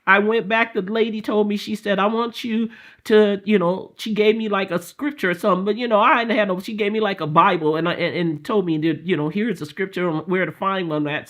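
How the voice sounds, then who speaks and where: Bright-voiced woman telling her testimony. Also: mid-range voice, brisk. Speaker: guest sharing her faith testimony. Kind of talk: emotional personal testimony.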